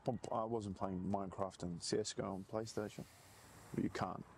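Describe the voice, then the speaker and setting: A man's voice: lowish voice, steady tone, moderate pace, a little hiss or hum. A man in a casual chat, rambling through stories and laughing often.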